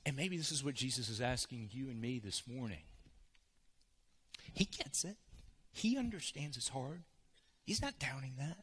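A male pastor preaching a sermon in a church, shifting from hushed to loud. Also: mid-range voice, expressive, normal speed, long pauses, husky.

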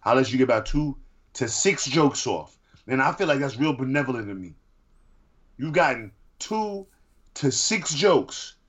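A man co-hosting a podcast in casual chat, animated and argumentative, at times bursting into shouts. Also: mid-range voice, moderate pace. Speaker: podcast co-host.

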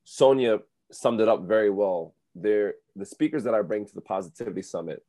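Low, mellow-voiced man from New Jersey. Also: brisk, no echo. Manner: relaxed, storytelling, many "like" fillers. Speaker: guest, speaker and coach. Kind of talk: radio interview chat.

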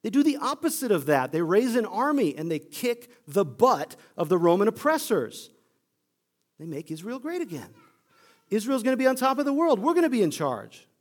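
A man pastor giving a conversational sermon, telling the story in an animated way. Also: high voice, moderate pace.

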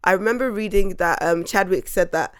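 A woman's voice: medium pitch, brisk. A woman with a British accent in casual group debate, talking over others emphatically. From Nigeria.

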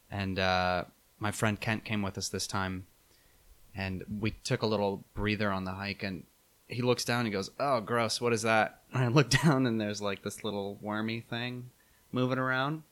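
A young man telling a travel story in a casual chat, animated and laughing, with many fillers. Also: fairly low pitch, measured pace.

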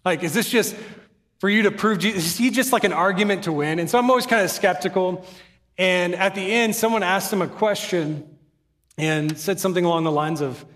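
A man's voice: high voice, brisk, fairly bright tone, big-room sound. A man giving a sermon as pastor, earnest and conversational, with humorous asides, in a church sanctuary.

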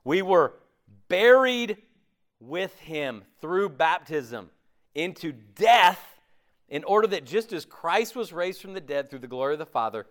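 A man preaching a sermon in a conversational, animated way, often acting out imagined voices. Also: high voice, measured pace.

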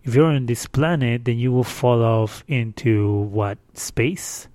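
A man's voice: mid-range voice, fairly even intonation, takes it slowly, dark tone, dry recording. A man hosting his own casual solo podcast, chatty and exasperated, rambling with fillers, recorded on a distorted home microphone. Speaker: podcast host. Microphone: windscreened microphone.

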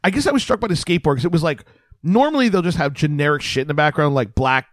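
A man's voice: on the high side, expressive, quick pace, dry recording, studio quality. A man in his thirties co-hosting a casual podcast chat, joking and swearing freely. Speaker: podcast co-host.

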